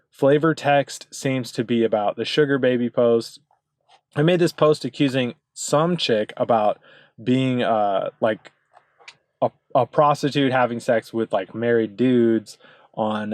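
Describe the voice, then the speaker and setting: A man at a middle pitch rants in a rambling, insistent way, swearing often and circling back on his points. The sound is dry and close, with no room echo. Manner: rambling, profane, insistent, with many fillers. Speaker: video commentator. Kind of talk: ranting commentary over card images.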